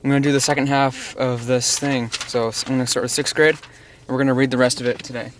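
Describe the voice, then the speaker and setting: A man's voice: mid-range voice, steady tone, fast. A teenage guy vlogging casually from his car, rambling with many restarts and fillers. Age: teens. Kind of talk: casual daily vlog. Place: inside a car. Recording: distant mic with loud car noise.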